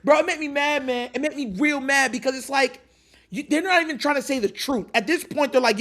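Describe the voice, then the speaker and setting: A man with a very high, light voice on a sports podcast, firing off heated, joking rants with big emphasis. He pushes hard on his punchlines and keeps the energy up. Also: fairly quick, sharp tone. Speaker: podcast co-host. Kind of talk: animated sports debate.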